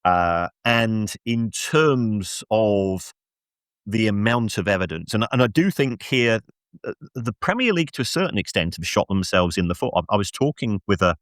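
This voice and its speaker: A middle-aged man, a football finance expert guest on a podcast, telling an animated story with lots of restarts and self-mocking laughs. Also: on the low side, normal speed, no room sound, studio quality. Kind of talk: casual podcast anecdote and analysis.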